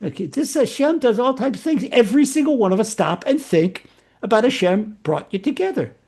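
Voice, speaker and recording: A rabbi telling stories in a lecture to a live audience, animated and often repeating and restarting his words. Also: very high voice, brisk, gravelly. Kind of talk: storytelling Torah lecture.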